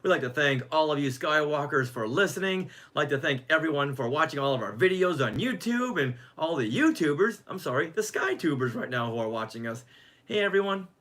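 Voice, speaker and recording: Chatty man podcast co-host, bright tone. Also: fairly high pitch, expressive, brisk. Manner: chatty, stumbles and repeats words. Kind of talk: casual podcast chat.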